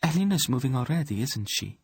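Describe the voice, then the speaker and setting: A man voicing a soft-spoken young queen who asks gentle, thoughtful questions. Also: medium pitch, big pitch swings, fairly quick, slightly rough, no room sound, pitched above the performer's own voice. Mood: concerned.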